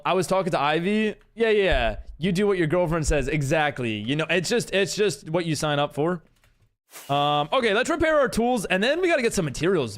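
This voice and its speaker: A young man streaming a game live, chatting away and reading out and reacting to viewers' messages. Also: a little high. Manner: chatty, reads chat aloud and reacts. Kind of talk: live-stream chat while gaming.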